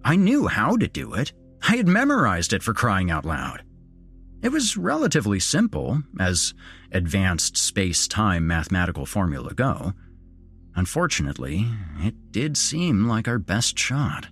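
A low, husky man narrating a horror tale in the first person, his pitch rising and falling with real animation. He moves from wry asides to tense moments, with faint music sitting underneath. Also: wildly swooping pitch, measured pace, a bit bright. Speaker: storyteller.

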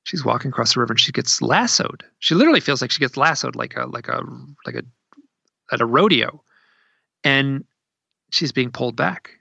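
Guy with a gravelly bright voice spinning a story at his desk, dull dry lo-fi sound. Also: medium pitch, brisk, dry recording. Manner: animated, acts out quoted speech in a raised voice. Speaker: researcher telling a story. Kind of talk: conversational storytelling.

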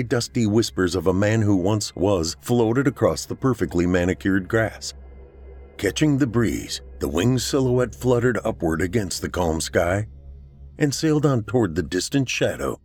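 A man hosting a podcast, reading a horror story aloud in a measured, dramatic way. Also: lowish voice, lively intonation, a little mellow, faint music behind. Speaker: podcast host and narrator. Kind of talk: scripted horror story narration.

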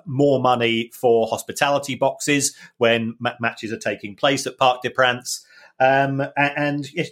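This is a man with a mid-range voice, walking through the numbers of a football club in a steady, explanatory manner. He speaks as a podcast co-host breaking down finances for listeners. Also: medium pitch. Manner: explanatory, analytical. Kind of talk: podcast analysis.

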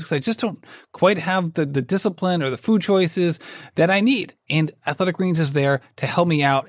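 A man hosting a podcast, chatty, often pausing to search for his words. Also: a little high, no room sound, studio quality. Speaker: podcast host. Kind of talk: casual interview questions and ad reads.

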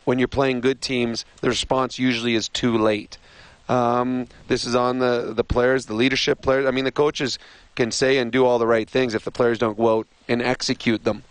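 A man analysing hockey on a sports radio show, measured and explanatory, on a studio microphone. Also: medium pitch, level tone, clear, resonant tone, no room sound, low-quality recording.

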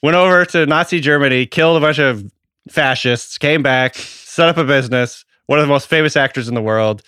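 A man's voice: medium pitch, brisk, bright, forceful tone, clean tone, no echo, studio quality. A man in his thirties co-hosting a football podcast, telling stories with enthusiasm and casual swearing. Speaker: fantasy football podcast co-host. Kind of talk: casual chat.

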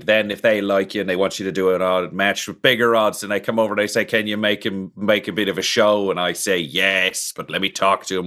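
A man's voice: low-pitched, sharp tone. A man playing a tabletop game, brash and talkative, swearing freely. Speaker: player. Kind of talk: casual tabletop play.

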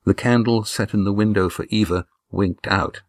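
A man reading a novel aloud as narrator, in a measured, even delivery. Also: on the low side, no room sound, clean studio sound. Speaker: audiobook narrator. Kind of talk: scripted narration.

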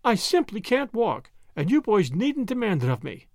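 A woman's voice: mid-range voice, very animated, moderate pace, a little mellow, no echo, studio quality, pitched above the performer's own voice. A man voicing a short, stout, flustered middle-aged woman who complains in a storybook reading. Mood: complaining.

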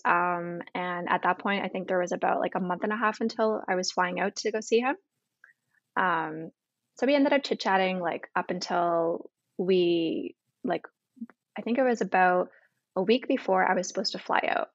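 Here a young Canadian woman guest chats casually through a storytelling interview at a normal speed in a mid-range voice. The recording is dull and dry with no echo, and she sprinkles in "like" and quoted lines constantly.

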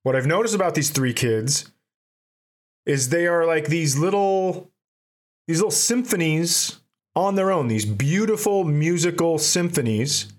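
A man's voice: a little high, animated, measured pace. Profane joking man telling stories. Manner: profane, laughs through his own stories. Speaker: podcast co-host. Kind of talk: casual comedic storytelling.

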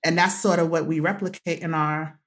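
Woman, low voice, animated storyteller, repeats phrases, guest author. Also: moderate pace. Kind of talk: emotional conversational interview.

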